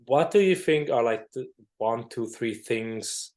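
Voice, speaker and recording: A man's voice: mid-range voice, animated, measured pace. Male host, thoughtful, hunts for words. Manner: thoughtful, searches for words, laughs softly. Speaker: podcast host. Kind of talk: casual conversation.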